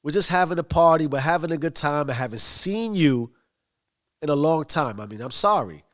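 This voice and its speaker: A man's voice: a little high, animated, moderate pace, close to an everyday voice. Man retelling as older wiseguy, teasing, offhand, slightly raised voice. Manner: nonchalant, needling. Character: swaggering older male mobster, mocking.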